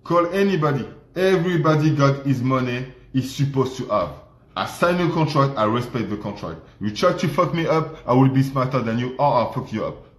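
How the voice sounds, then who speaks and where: A man's voice: medium pitch, animated, a little fast. A man on a livestream speaking emphatic, repetitive, non-native English. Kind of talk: livestream rant. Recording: roomy echo.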